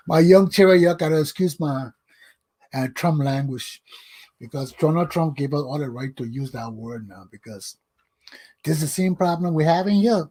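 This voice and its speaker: Older man, Liberian English accent, husky voice, scolding lecture, talk show host. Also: on the high side, animated, moderate pace, long pauses, dark tone. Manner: scolding, emphatic, repeats words for stress. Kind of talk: heated lecturing monologue.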